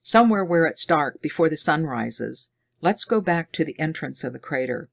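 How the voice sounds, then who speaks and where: A woman reading an audiobook voices a calm, protective young adventurer, firm and reassuring. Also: deep voice, moderate pace, vocal fry, full character voice. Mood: hushed.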